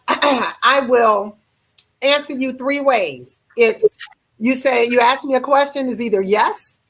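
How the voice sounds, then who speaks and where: A woman with a high voice hosts a relationship podcast. She talks expressively and laughs often as she tells her stories. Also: sharp tone. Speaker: podcast host. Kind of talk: conversational chat.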